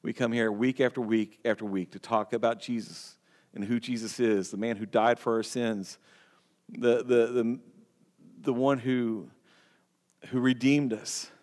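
A man's voice: medium pitch, fairly even intonation, unhurried, darkish tone. A man preaching a sermon as pastor, earnest and emphatic, often restarting words and phrases. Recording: long hall reverb.

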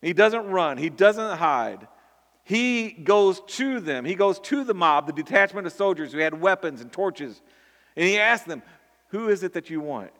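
Preacher guy, earnest, kinda high voice, big hall echo behind him. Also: animated, unhurried, fairly bright tone. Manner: earnest, repeats words, rising to emphatic peaks. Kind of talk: sermon. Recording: long hall reverb.

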